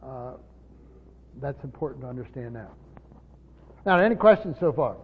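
A pastor teaching a congregation in a church, speaking emphatically and firing off rhetorical questions. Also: male voice, medium pitch, expressive, moderate pace, slightly rough. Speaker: pastor teaching Bible study. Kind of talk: teaching sermon. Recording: dull lo-fi recording with long hall reverb.

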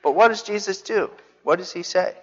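A preacher giving a sermon, telling the story with animated asides, rhetorical questions and jokes. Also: medium pitch, fairly quick, breathy edge. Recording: dull reverberant hall recording.

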